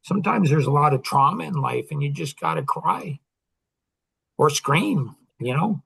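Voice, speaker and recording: A man's voice: fairly high pitch, animated, moderate pace, creaky, fairly bright tone, slightly rough. An older man talking casually on a podcast, rambling and full of fillers and restarts. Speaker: podcast host.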